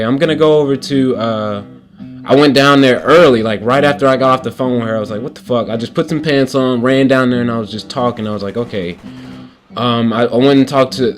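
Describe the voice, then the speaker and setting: A man's voice: medium pitch, a bit bright. A young man giving casual game commentary while telling a story, loose and rambling with lots of restarts and fillers. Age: young adult. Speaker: gaming commentator. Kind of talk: casual storytelling over gameplay. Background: faint guitar playing.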